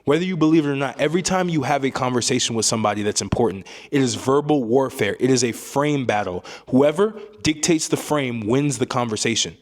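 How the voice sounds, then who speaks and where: A man's voice: mid-range voice, fairly quick, few pauses. A man giving a motivational speaking lesson as a communication coach, emphatic and repetitive, often ending points with a tag question.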